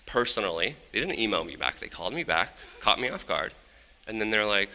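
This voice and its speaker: A man, a journalist, giving an energetic, blunt storytelling talk on a conference stage, swearing casually as he goes. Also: fairly low pitch, brisk. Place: large conference hall stage. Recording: long hall reverb.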